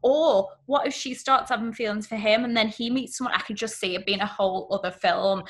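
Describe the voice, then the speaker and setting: A woman's voice: medium pitch, steady tone, fairly quick. A young woman co-hosting a casual chat, blunt and emphatic, swearing freely.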